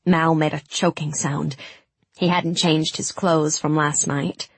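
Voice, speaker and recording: A woman narrating a first-person fantasy audiobook in a measured way, giving the characters' lines some heat. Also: low voice, flat delivery, husky, dry recording.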